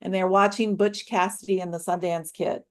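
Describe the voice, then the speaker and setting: A woman coach in a casual roundtable discussion, telling a story with lively acted-out dialogue. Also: lowish voice, normal speed. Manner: animated storyteller, acts out dialogue.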